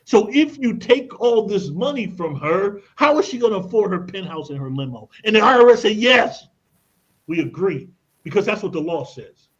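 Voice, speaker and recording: Man, high voice, emphatic persuasive radio guest, casual slang, dull lo-fi broadcast sound. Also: sing-song, moderate pace, breathy edge. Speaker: credit and tax expert guest. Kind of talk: radio talk show guest explaining. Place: radio studio.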